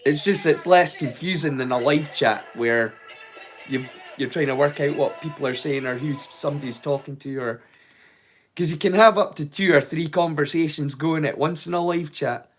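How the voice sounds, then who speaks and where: A man's voice: a little high, moderate pace, husky, soft background music. A man hosting a livestream, chatting casually and rambling with viewers by name. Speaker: streamer and host.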